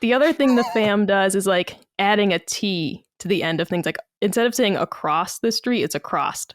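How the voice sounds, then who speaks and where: Here a podcast co-host with a Massachusetts accent talks in a casual, storytelling manner, quoting people along the way in lively asides. Her mid-range voice moves at normal speed, captured in a clean studio with no room sound.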